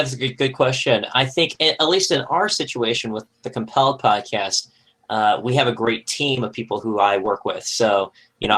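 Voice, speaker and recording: A man's voice: medium pitch, a bit bright, rough recording. Conversational man on a podcast panel. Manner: conversational, frequent fillers and restarts. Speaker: podcast host, guest panelist. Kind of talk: casual panel discussion.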